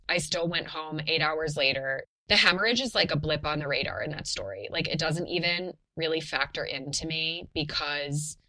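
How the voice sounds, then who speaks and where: A young woman sharing her birth story on a podcast, animated and full of fillers, laughing often. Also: sits low, rough recording. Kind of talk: casual personal storytelling.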